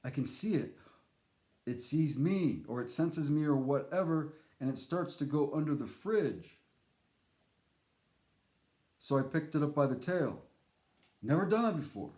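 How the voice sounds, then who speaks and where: A man telling a casual spoken anecdote in a rambling, animated way, with fillers and restarts. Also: on the high side, unhurried, long pauses. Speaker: storyteller. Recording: echoey room.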